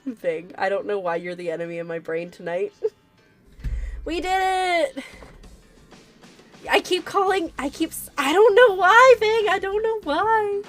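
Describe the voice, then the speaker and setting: A woman's voice: extremely high pitch, very animated, measured pace, pauses often, fairly bright tone, faint music behind. A woman chatting casually and giggling while streaming a video game. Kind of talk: casual live-stream gameplay chat.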